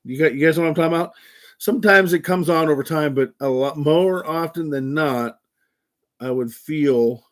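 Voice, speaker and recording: A man's voice: fairly high pitch, normal speed. An older man hosting a livestream in casual chat, blunt and profane, given to ranting. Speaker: livestream host.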